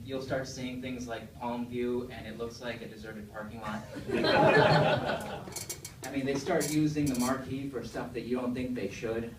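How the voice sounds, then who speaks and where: A man's voice: mid-range voice, a little slow. A male stand-up comedian talking to the crowd on a club stage in a loose, conversational way and throwing questions at the audience. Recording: echoey room, distant mic, faint noise.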